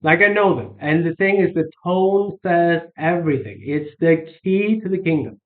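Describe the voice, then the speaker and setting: A sales coach with a voice on the high side talks at normal speed, giving a casual lesson. He rambles, restarting and using fillers, and the sound is tinny, like a phone.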